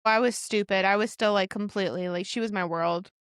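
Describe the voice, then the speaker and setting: A woman's voice: medium pitch, steady tone, a little fast, fairly bright tone, clean tone, dry recording. Podcast lady, blunt and wry, chatting casually, dry sound. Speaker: podcast co-host.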